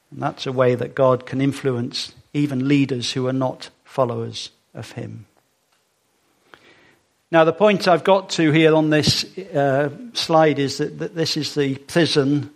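A man giving a sermon in a conversational way, with fillers and small asides to the congregation. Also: mid-range voice. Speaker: preacher.

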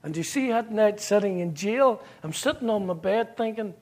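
A man's voice: high-pitched, lively intonation, moderate pace, few pauses, darkish tone. A man with a Northern Irish accent giving an earnest personal testimony, telling his story vividly and acting out the dialogue. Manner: earnest, at times emotional.

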